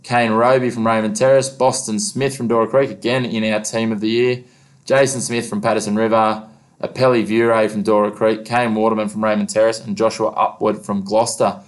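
A man's voice: fairly low pitch, little pitch movement, brisk. An Australian man hosting a local sports show, talking casually and calling his co-host "mate" often. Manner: laid-back, says "mate" often.

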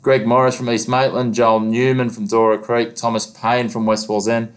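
A man's voice: medium pitch, level tone, moderate pace. An Australian man hosting a local sports show, talking casually and calling his co-host "mate" often. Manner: laid-back, says "mate" often.

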